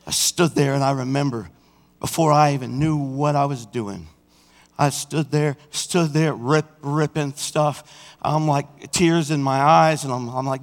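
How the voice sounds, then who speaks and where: A male pastor preaching a sermon, dropping to hushed storytelling and rising to shouted appeals. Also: mid-range voice, measured pace. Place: church sanctuary. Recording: long hall reverb.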